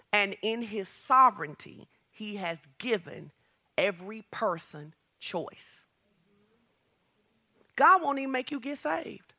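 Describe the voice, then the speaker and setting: Bright, high-voiced woman preacher. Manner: lively preaching that builds to shouts; talks straight to the congregation with questions. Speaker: pastor. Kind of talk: sermon.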